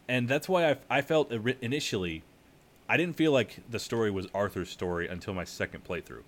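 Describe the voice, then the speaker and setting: A man co-hosting a podcast in casual chat, relaxed and rambling with lots of fillers. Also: medium pitch, normal speed. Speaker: podcast co-host. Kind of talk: casual chat about a video game.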